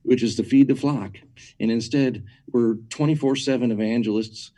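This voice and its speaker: A man's voice: mid-range voice, moderate pace, warm tone. A man speaking as an interview guest, teaching about churches in an emphatic, conversational way. He often repeats words as he builds a point and checks in with rhetorical questions. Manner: asks listeners rhetorical questions.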